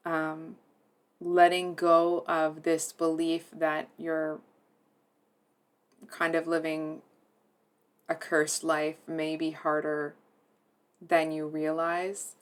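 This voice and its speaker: A woman giving a tarot reading to her viewers, speaking softly and hesitantly, earnest and emotionally moved, with many fillers and restarts. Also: low-pitched. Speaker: tarot reader.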